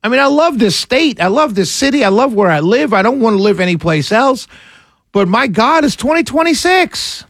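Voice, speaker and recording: A male radio host, delivering a sarcastic, animated talk radio monologue. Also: very high voice, moderate pace, no room sound, clean studio sound.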